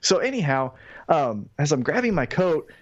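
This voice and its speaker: A man's voice: a little high, moderate pace, no room sound, lo-fi sound. A man co-hosting a podcast who tells a story in casual chat, acting out the quotes and swearing freely. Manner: animated, swearing, acts out quotes. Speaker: podcast co-host.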